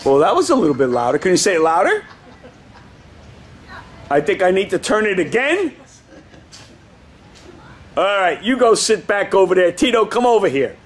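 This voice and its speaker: Playful, high-voiced karate instructor man. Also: moderate pace, long pauses. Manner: playful, teasing, bursts into excited shouts. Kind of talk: coaching children in class. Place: indoor karate studio.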